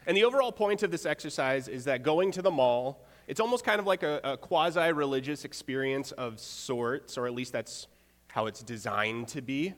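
A young adult man preaching a conversational sermon, relaxed, with rhetorical check-ins and wry asides. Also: medium pitch, moderate pace. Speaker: pastor. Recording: long hall reverb.

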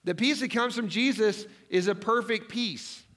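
A man's voice: sits high, moderate pace, a bit bright. A man preaching a sermon as pastor, conversational and self-deprecating, often asking the congregation questions. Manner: self-deprecating, jokes about himself.

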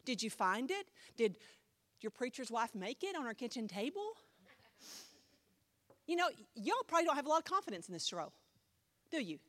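A woman pastor teaching a Bible class in a chatty, animated way, often asking the class questions. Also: on the high side, normal speed, pauses often.

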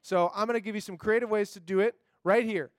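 A man's voice: high-pitched, fairly even intonation, fast, dry recording, clean studio sound. A man leading a group memory activity, upbeat and coaxing, checking in with the group often. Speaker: youth class leader.

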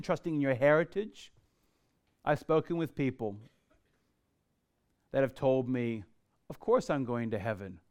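A man preaching a sermon as pastor to a congregation in church, emphatic, and slowing down when he reads scripture aloud. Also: sits high, clear, resonant tone. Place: church before a live congregation.

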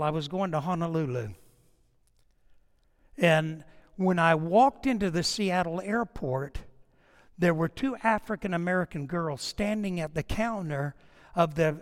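A man's voice: high voice, in a large hall. A middle-aged man preaching a sermon, a pastor who tells a story with energy and acts out prayers and conversations.

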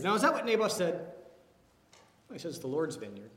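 A man preaching a sermon as pastor, animated, with many rhetorical questions. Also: a little high, moderate pace. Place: church. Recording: echoey hall.

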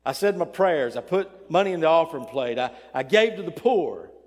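A man's voice: on the high side, sing-song, moderate pace, voice pushed up. A pastor playing a dutiful churchgoer eagerly listing his religious deeds. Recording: long church reverb.

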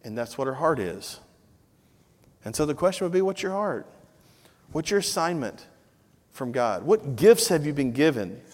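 A middle-aged man preaching a sermon, telling a family story with lively acted-out dialogue before turning to earnest exhortation. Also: fairly high pitch, normal speed, long pauses. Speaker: pastor. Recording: long reverb of a large hall.

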